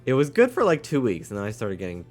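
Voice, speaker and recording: A man's voice: medium pitch, huge pitch swings, quick pace. Chatty streamer guy over faint music. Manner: chatty, jokey, reads chat aloud. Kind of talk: casual live-stream chat.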